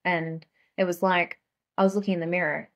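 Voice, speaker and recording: Chatty young woman, lowish voice. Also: fairly even intonation, fairly quick. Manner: chatty, heavy use of "like" fillers. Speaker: guest. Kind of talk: casual conversational storytelling.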